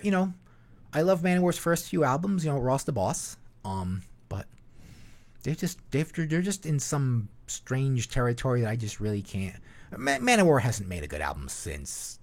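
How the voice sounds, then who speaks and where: A man hosting a podcast in a casual, rambling way, full of fillers and swearing. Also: mid-range voice. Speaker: podcast host. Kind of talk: casual chat.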